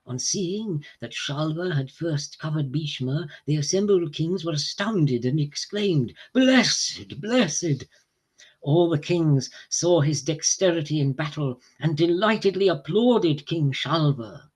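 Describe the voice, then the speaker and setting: A man reads an ancient epic aloud to a small group. His delivery is slow and measured, with clear pauses between phrases. His voice sits slightly higher than most men's. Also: expressive, darkish tone. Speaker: reader of scripture to a group.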